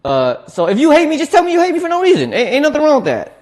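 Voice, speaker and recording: A man's voice: extremely high pitch, huge pitch swings, very fast, darkish tone. A man, chatting casually on a cooking livestream, laughing often and restarting his words as he reads chat. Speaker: streamer reading chat.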